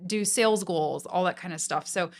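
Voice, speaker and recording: A woman's voice: on the low side, moderate pace. Upbeat young woman co-host. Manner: supportive, frequent affirmations and laughs. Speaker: podcast co-host. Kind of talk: casual podcast chat.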